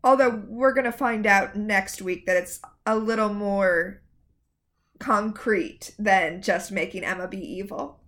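A woman co-hosting a show recap in casual chat, with sarcastic, animated asides. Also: medium pitch, measured pace. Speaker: podcast co-host.

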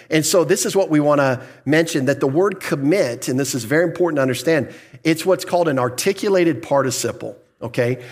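A man preaching a sermon in a conversational teaching manner, explaining scripture and acting out the people he quotes. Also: on the high side. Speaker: pastor.

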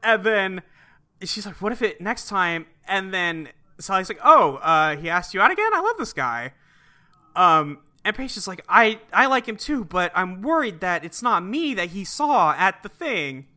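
High bright-voiced man retelling a movie. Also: big pitch swings. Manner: retells scenes, acting out lines in quick put-on voices. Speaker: podcast co-host recapping a film. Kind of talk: casual chat.

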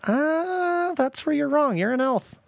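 A man voicing a goofy, excited dad who loudly teases his family. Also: very high voice, takes it slowly, gravelly, no room sound, pitched above the performer's own voice, exaggerated voice. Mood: giddy teasing. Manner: loud, giddy teasing.

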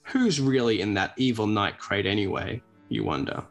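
A man reading a choose-your-own-adventure storybook aloud in a lively way. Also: on the low side, normal speed, creaky, faint music behind. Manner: lively read-aloud, breaks off to laugh.

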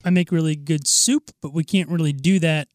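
A man's voice: a little high, steady tone, normal speed, dry recording, studio quality. A man co-hosting a podcast, joking around and playfully defending himself. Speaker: podcast co-host. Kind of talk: casual podcast banter.

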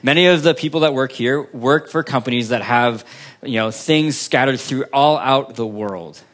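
A pastor preaching to his congregation at a mid-range pitch, posing questions and answering them himself. He swings from lifted, emphatic phrases down to soft, trailing endings, with unhurried pauses between thoughts. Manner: preaching with strong rises and falls, long pauses, drops to near quiet at line ends. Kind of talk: sermon.

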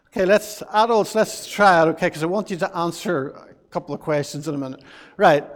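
A man's voice: a little high, normal speed. A man, a pastor giving a children's talk in church, playful and coaxing, asking the children many questions. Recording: long reverb of a large hall.

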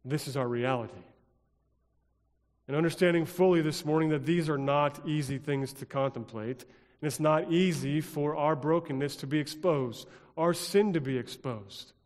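A pastor delivering a sermon in a rhythmic, repetitive style, dropping at times to a hush. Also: male voice, a little high, moderate pace, in a large hall. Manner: rhythmic, repetitive preaching with dramatic drops to a hush.

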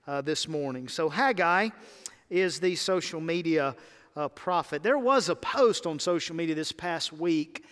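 A man preaching a sermon as pastor, leading his congregation in call-and-response and swinging between emphatic peaks and quiet low lines. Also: clean tone, long reverb tail. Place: church sanctuary.

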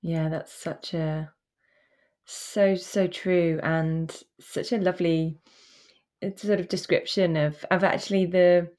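Female podcast host, low-pitched and mellow, thoughtful conversational delivery. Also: steady tone, slow pace.

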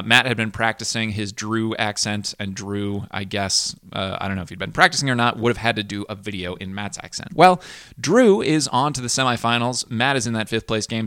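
Recorded at studio quality with no echo, a man with a lowish, pushed, bright voice runs through a casual solo recap for his fantasy football league podcast. He rambles and chats, often saying um and starting over to correct himself.

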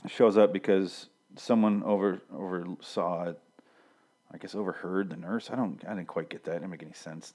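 A man with a very low voice recaps a TV episode in a loose, rambling way. He swears freely, restarts his sentences and drops deadpan jokes along the way. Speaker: show reviewer.

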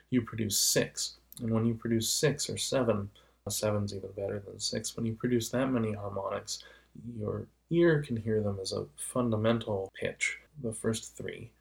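A man's voice: lowish voice, vocal fry. A man giving a casual, patient explanation of how engines and voices make sound. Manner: patient, illustrates with vocal demonstrations.

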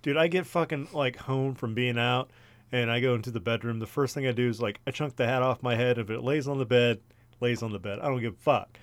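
A man's voice: medium pitch, a little fast, dry recording. A young married man co-hosting a podcast, rambling casually with swearing and fillers. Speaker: podcast co-host.

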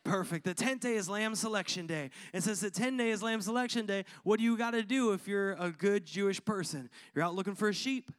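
A man's voice: high-pitched, brisk, hardly any pauses, smooth. A man preaching a sermon to his congregation, using repetition and call-and-response. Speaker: pastor.

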